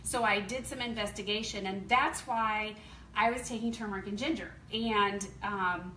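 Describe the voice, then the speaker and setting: Southern lady in her 50s, bright voice, laughing as she chats to a crowd, echoey room. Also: mid-range voice, moderate pace, far from the mic, slight background noise. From American South. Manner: chatty, laughing, animated storytelling. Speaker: company distributor speaking at a meeting. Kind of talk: casual testimonial to an audience.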